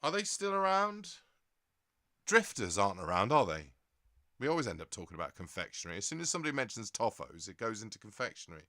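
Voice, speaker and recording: A man's voice: lowish voice, big pitch swings, fast, bright, forceful tone, no room sound. Rambling English man in a dry close mic. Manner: chatty and rambling, laughs often. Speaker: livestream host. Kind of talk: casual chat reading viewer comments.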